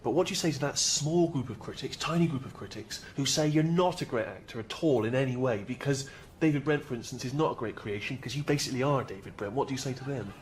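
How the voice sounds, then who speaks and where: A man's voice: mid-range voice, fast talker, few pauses, slight background noise. Hesitant, polite male interviewer. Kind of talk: comedy sketch.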